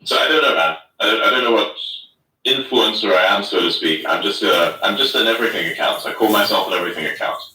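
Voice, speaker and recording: A man's voice: lowish voice, fast talker, sharp tone. A man hosting an online audio chat, rambling casually with lots of fillers and swearing. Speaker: host of an online audio space. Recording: roomy, distant online audio.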